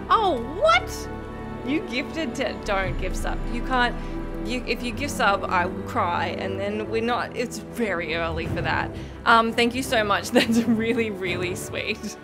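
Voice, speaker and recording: A young woman chatting live with her viewers while gaming, bubbly and effusive, quick to laugh and to gush thanks. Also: medium pitch. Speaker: game streamer.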